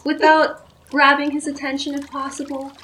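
A woman voicing her friendly young druid character, talking gently and coaxingly to an animal. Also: sits high, flat delivery, normal speed, slight background noise. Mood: reassuring.

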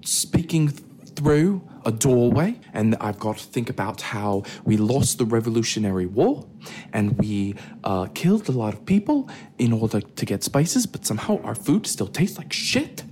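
A man's voice: very animated, a little slow, warm tone, a little hiss or hum. A man putting on a silly exaggerated British accent as a snooty, posh figure. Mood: mock posh. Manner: exaggerated high sing-song put-on accent.

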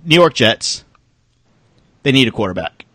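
A man's voice: medium pitch, sing-song, unhurried, bright, forceful tone, dry recording. A man co-hosting a casual sports podcast, laughing often and telling crude jokes. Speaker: podcast co-host.

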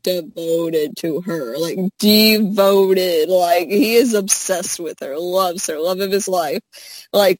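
A woman's voice: medium pitch, no echo, low-quality recording. A chatty woman with a lilt tells stories in a loose, filler-heavy way and slips into the voices she quotes. Her voice sits in a middle range and sounds close and dry, with no room around it. She talks over a phone. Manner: animated storytelling with many fillers, acting out quotes. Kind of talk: casual chat.

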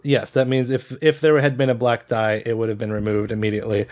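A man's voice: medium pitch, level tone, fast, darkish tone. Man explaining tabletop dice rules. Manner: patient, explanatory, casual. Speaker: game master.

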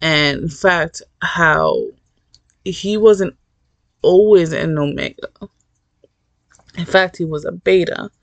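Gravelly rambling book recapper. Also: medium pitch, sing-song, slow, long pauses, no echo. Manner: rambling, profane, candid, many fillers. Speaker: book reviewer. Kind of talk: casual book recap vlog.

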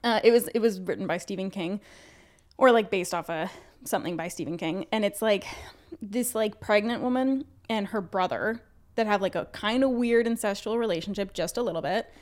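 A young Canadian woman co-hosts a podcast, chatting casually with lots of filler words, especially "like," and swearing freely. Her voice is medium-pitched at a moderate pace.

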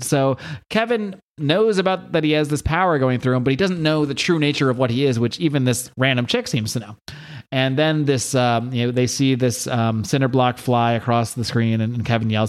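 A man's voice: mid-range voice, moderate pace. A man hosting a podcast, casually retelling a story with lots of restarts. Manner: rambling with frequent restarts and fillers. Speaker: podcast host.

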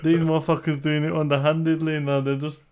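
A man's voice: on the high side, quick pace, clean tone. A man, co-hosting a casual chat and telling stories animatedly. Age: 30s. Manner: animated storytelling, acts out quoted people. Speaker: podcast co-host.

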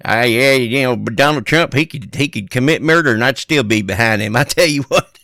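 A man's voice: medium pitch, brisk, bright, forceful tone, dry recording, studio quality. A man putting on a drawling, folksy voice as a right-leaning hillbilly with an exaggerated rural Southern US accent. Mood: mocking.

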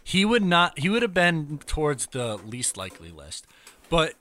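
A man hosting a podcast, chatting casually as a lively, wry sports fan. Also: a little high, normal speed, slight background noise. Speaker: podcast host. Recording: dry close mic.

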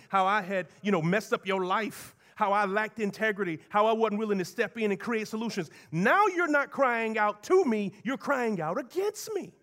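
A man preaching a sermon as pastor, moving between soft low asides and raised, emphatic lines.

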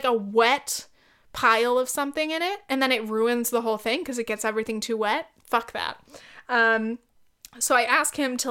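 A woman with a slightly high, smooth and clear voice chats casually as a podcast host. She tells her story bluntly, swears freely and often breaks into laughter. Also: fairly bright tone.

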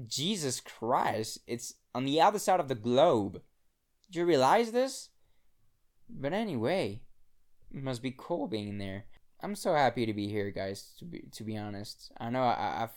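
A man's voice: mid-range voice, animated, unhurried. Rambling, profane young man podcasting. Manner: rambling, profane, frequent restarts. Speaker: podcast host. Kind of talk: casual solo podcast monologue. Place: apartment in the mountains. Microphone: own podcast microphone.

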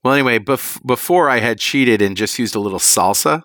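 A man co-hosting a cooking podcast, describing recipes in a rambling, relaxed way and laughing easily. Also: mid-range voice, fairly quick, no room sound, studio quality. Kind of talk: casual chat.

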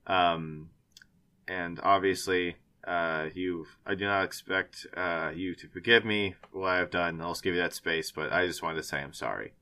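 Man doing a sorry husband, stumbling, sincere, low bright voice. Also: steady tone. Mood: contrite. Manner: halting, earnest, stumbling over words. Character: remorseful man apologizing to the sea spirit.

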